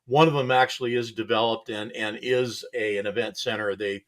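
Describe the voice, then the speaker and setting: A man's voice: lowish voice, fairly even intonation, a little fast, fairly bright tone. A man hosting a casual studio chat show, talking in a rambling, laid-back way and chuckling often. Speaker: show host.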